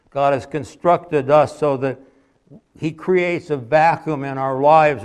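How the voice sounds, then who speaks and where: A man preaching an evening sermon in a folksy, conversational way, with homely anecdotes and quiet endings to his points. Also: medium pitch, clean tone. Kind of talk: sermon with storytelling.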